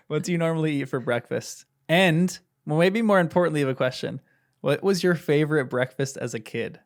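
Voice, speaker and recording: Playful man with a gravelly voice. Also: a little high, animated, moderate pace. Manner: playful, laughs often, teasing questions. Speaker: podcast host. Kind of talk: casual book-club chat.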